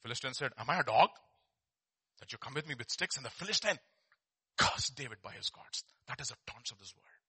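A man preaching a sermon as a pastor, animated, swinging from soft asides to loud exhortation, repeating words and asking rhetorical questions. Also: mid-range voice, a little fast, husky.

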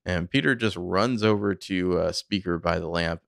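Deep gravelly man recapping a TV show. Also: normal speed, no echo, clean studio sound. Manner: conversational, filler-heavy, animated storytelling. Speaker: podcast co-host.

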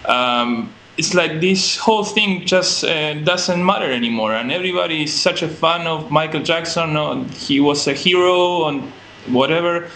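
Bright-voiced opinionated man. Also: fairly high pitch, creaky, a little hiss or hum, low-quality recording. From Argentina. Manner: opinionated, hesitant with many fillers and restarts. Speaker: podcast co-host. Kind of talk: casual conversation.

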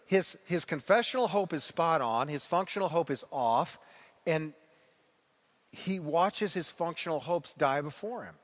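A man's voice: a little high, big-room sound. A man preaching a sermon as pastor, retelling the story earnestly and repeating key phrases for emphasis.

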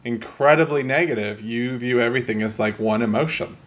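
A man's voice: mid-range voice, fairly quick. A young man co-hosting a casual game review chat, argumentative and swearing, often trailing off mid-thought. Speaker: podcast co-host.

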